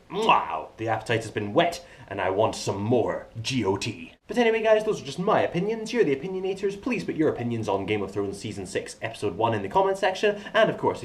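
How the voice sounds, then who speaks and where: Animated man reviewing a TV episode. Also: mid-range voice. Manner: enthusiastic, jokey, swings between hushed asides and excited outbursts. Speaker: TV review vlogger. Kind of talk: animated solo review vlog.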